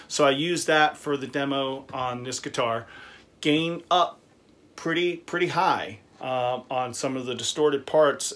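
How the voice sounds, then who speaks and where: A man's voice: medium pitch, fairly bright tone. A man giving a casual, chatty guitar review, with frequent fillers and easy laughs.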